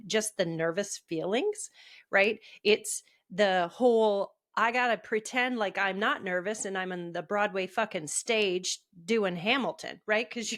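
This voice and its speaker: A woman's voice: mid-range voice, fairly bright tone. A woman co-hosting a podcast, chatting casually with wry jokes and frequent laughter. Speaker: podcast co-host. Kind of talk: casual chat.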